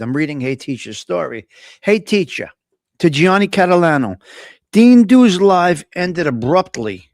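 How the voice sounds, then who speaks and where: A man's voice: fairly high pitch, no room sound, studio quality. A man hosting a casual live stream, chatting with viewers, teasing them and reading their comments aloud. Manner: chatty, laughs often, teasing, ad-libs.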